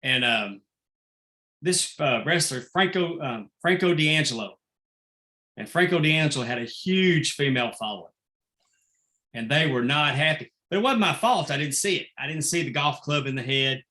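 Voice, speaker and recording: A man, a longtime wrestling referee, telling lively anecdotes in a casual interview and acting out the quotes. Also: fairly high pitch, normal speed. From Texas. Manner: animated anecdotal storyteller, acts out quotes.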